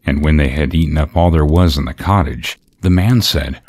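A man narrating a fairy tale in a gentle, measured way. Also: a bass voice. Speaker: storyteller.

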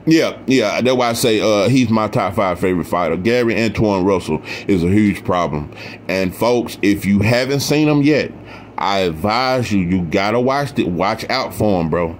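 A man's voice: lowish voice, moderate pace, a little hiss or hum. A man hosting his own boxing channel, giving passionate, emphatic casual commentary and repeating his points for emphasis.

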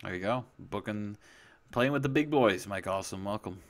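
A man's voice: fairly low pitch, normal speed. A man hosting a casual gaming show, upbeat and prompting his co-host to talk through each match.

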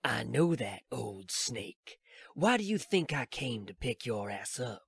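Audiobook role: man doing a cocky, merry arms dealer, loud and teasing, dry sound. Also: medium pitch, sing-song, measured pace, gravelly, breathy edge, no room sound, full character voice. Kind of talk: audiobook character reading.

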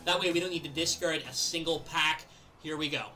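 A young man giving live commentary over his own gameplay, chatting casually and then yelling and laughing at big plays. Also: fairly high pitch, fairly quick, soft background music. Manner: excitable, yells and laughs at plays. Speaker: gaming video creator.

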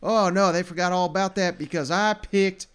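A man's voice: high-pitched, normal speed, clear, resonant tone. A man co-hosting a casual college football podcast, poking fun at his own bad predictions. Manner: self-deprecating, animated storyteller. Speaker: podcast co-host. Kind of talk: casual sports chat.

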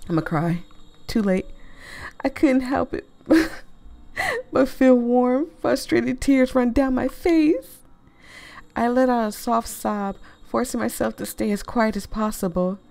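A woman reading a story game aloud to viewers, animated and expressive, swearing freely and breaking off into laughing asides. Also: on the high side, measured pace, creaky. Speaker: gaming video creator.

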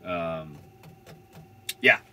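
A man's voice: sits low, extremely slow, bright, forceful tone, a little hiss or hum. A young man telling a van-life story in a casual, rambling way, full of fillers and swearing. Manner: rambling, laid-back, swears freely, many "like" fillers.

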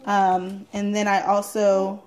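A woman's voice: medium pitch, completely flat delivery, slow pace, a little mellow. A woman in her thirties talking through a salad in her home kitchen, chatty, with frequent ums and price notes. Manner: chatty, thrifty price talk with fillers. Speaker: vlogger. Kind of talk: casual cooking vlog.

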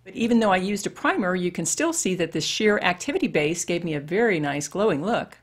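A woman's voice: lowish voice, lively intonation, fairly quick. A woman over fifty chatting her way through a makeup tutorial and talking straight to women viewers. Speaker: beauty vlogger. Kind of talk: casual makeup tutorial chat.

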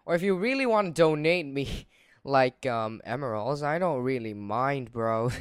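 A young man casually commentating his own gameplay, excitable and quick to exclaim and laugh. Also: mid-range voice, smooth, no room sound, studio quality. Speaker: gaming channel host.

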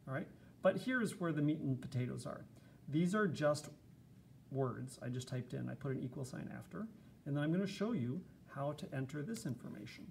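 Gravelly-voiced man teaching casually. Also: fairly high pitch, lively intonation, moderate pace, darkish tone, slight background noise. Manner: casual, chatty explaining with fillers. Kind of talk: screencast lesson.

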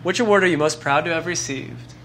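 Brisk upbeat male interviewer. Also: fairly high pitch, a bit bright, slight background noise. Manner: brisk, upbeat, laughs easily. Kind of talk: quick-fire interview questions.

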